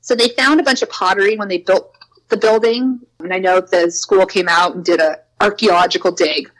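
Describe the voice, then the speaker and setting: In this low-quality recording, a young woman with a slightly bright voice talks at a moderate pace about eerie moments at her preschool job. She's chatty, uses "like" constantly, and performs quotes in a higher voice.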